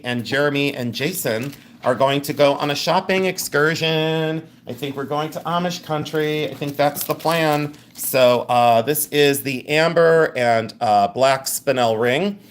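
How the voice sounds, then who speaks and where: With a fairly high-pitched voice and a bit of background noise behind him, a man runs a live jewelry sale stream. He keeps it casual and jokey, laughing as he eagerly shows off rings and pendants.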